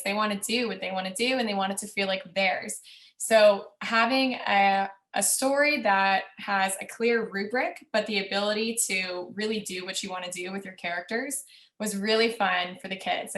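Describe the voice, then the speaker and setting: A woman teacher talks through what she learned from a class project. She speaks casually, with ums and quick bursts. Her voice is mid-pitched and rings in a reverberant room. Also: a bit bright. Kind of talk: reflective presentation. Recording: echoey room.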